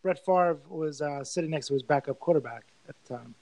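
A man's voice: a little high, a little fast, low-quality recording. A man hosting a casual sports podcast, swearing freely and telling stories with animation. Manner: profane, animated storytelling. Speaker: podcast host.

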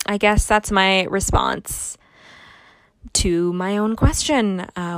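Slow, rambling young woman podcaster. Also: medium pitch, fairly bright tone, clear, resonant tone, no room sound, studio quality. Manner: rambling, self-mocking humor. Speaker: podcast host. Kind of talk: casual solo podcast chat.

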